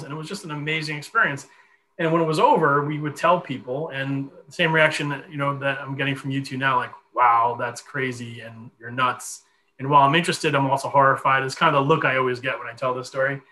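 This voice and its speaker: A man in his forties telling a long personal story in a podcast conversation, animated and full of fillers. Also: medium pitch, a little hiss or hum, rough recording. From Connecticut. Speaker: guest.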